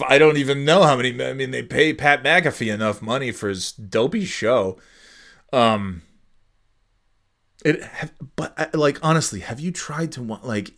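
A man's voice: mid-range voice, a bit bright. A man ranting casually on his podcast, profane and exasperated, rambling with lots of restarts. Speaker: podcast host. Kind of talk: casual rant.

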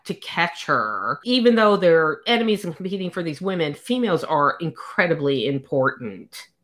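A woman's voice: low-pitched, moderate pace. Chatty woman retelling a story. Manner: animated retelling, acts out quotes, swears casually. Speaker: podcast co-host. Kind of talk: casual book recap chat.

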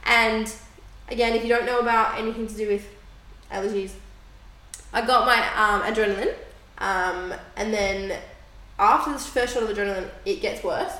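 A woman's voice: mid-range voice, normal speed. A woman, co-hosting a podcast and telling a story in casual chat, acting out what people said. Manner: animated storytelling, acting out quotes. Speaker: podcast co-host. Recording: echoey room.

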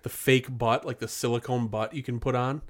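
A man's voice: mid-range voice, fairly even intonation, a little fast, over a noisy crowd. Loose-talking man hosting a podcast. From Wisconsin. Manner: loose, swearing, joking. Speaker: podcast host. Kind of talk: casual chat.

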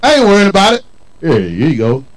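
Lively high-voiced man preaching. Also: fast, low-quality recording. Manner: call-and-response preaching, colloquial, emphatic. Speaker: pastor. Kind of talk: sermon.

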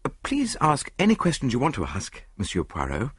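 Man voicing a nervous earnest young gentleman, slightly higher, husky, lively. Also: brisk, no room sound, clean studio sound, exaggerated voice. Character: nervous young English aristocrat, 22, eager.

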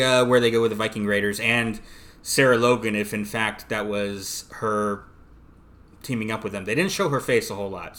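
A man's voice: lowish voice, sharp tone, slight background noise. A man co-hosting a wrestling podcast from his apartment, talking in an easygoing, hesitant way with lots of fillers. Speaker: podcast co-host. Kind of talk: casual wrestling chat.

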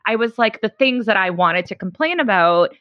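A woman's voice: mid-range voice, expressive, moderate pace, no room sound. A woman podcast host in casual chat, self-mocking and often restarting her sentences. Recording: dry, dull lo-fi sound.

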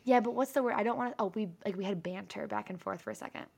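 A woman's voice: medium pitch, very fast, creaky, a little mellow, husky. A young woman co-hosting a podcast, chatting casually and telling a story with lots of swearing. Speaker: podcast co-host. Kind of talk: casual chat.

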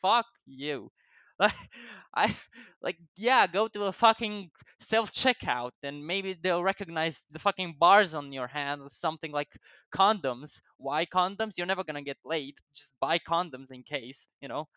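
Young man, non-native English accent, bright tone, dry close sound, profane, laughing, digressive. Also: on the high side, measured pace, smooth, no room sound. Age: young adult. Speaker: vlogger. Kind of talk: rambling casual storytelling.

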